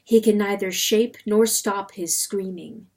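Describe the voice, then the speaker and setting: Woman narrator for a dramatic book reading, slow and measured, mid-pitched. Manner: measured, expressive.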